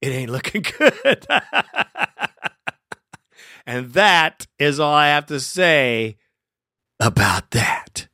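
A man's voice: mid-range voice, animated, slow pace, pauses often, pushed and bright, dry recording, studio quality. A man hosting a sports fan podcast, talking in an emotional, rambling way and laughing often. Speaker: podcast host. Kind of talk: casual fan podcast commentary.

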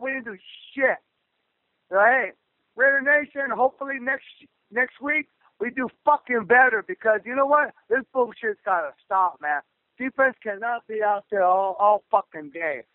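Angry caller guy yelling high and cussing nonstop, tinny dry phone line. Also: dry recording. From Southern California. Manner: angry, profane ranting at a raised pitch. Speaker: caller to a radio show. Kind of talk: call-in rant.

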